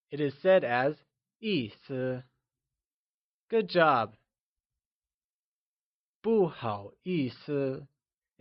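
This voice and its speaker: A man narrating a scripted language lesson, modeling words slowly and praising the learner's attempts. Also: fairly high pitch, dry recording, lo-fi sound. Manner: slow, careful pronunciation drills with upbeat praise. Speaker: language teacher.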